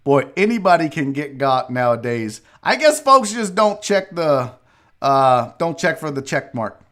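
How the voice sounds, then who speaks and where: A man's voice: a little high, sing-song, measured pace. A man hosting a live sports talk show. He chats casually, jokes, and reads messages from viewers aloud. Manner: loose, joking, reads chat messages aloud; slips into a put-on Southern gentleman drawl. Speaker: sports radio host.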